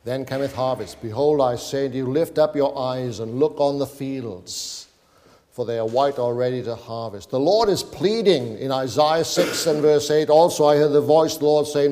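A man's voice: mid-range voice, normal speed, warm tone. A male preacher exhorting a congregation, reading scripture aloud in King James wording and pleading with his listeners. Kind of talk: sermon. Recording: long hall reverb.

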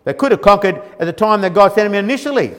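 A man's voice: sits high, lively intonation, racing, a bit bright, big-room sound. A man preaching a sermon in a colloquial, emphatic way, mocking the grumbling of the people he quotes.

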